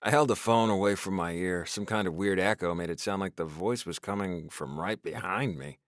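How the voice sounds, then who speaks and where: A man's voice: low voice, normal speed, no room sound, clean studio sound. A man narrating a novel in the first person, with a wry, exasperated storytelling manner. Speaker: audiobook narrator.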